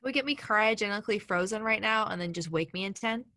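Bright-voiced young woman, blunt and reactive. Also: mid-range voice, slight background noise. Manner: blunt, swears casually, quick reactive comments. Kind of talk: casual chat.

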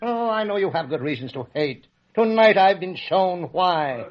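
An old repentant landowner. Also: male voice, sits high, expressive, normal speed. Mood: earnest. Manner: emotional, pleading. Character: older repentant male landowner, earnest. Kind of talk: 1930s radio drama acting. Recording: dull old radio recording.

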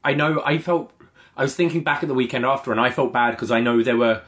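A man co-hosting a podcast, chatting in a relaxed, easy way. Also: medium pitch, fast talker. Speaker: podcast co-host. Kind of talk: casual chat.

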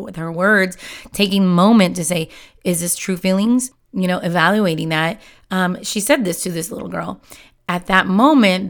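A woman's voice: on the low side, creaky. A woman giving a casual, heartfelt motivational talk, speaking candidly and using many fillers. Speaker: self-help speaker.

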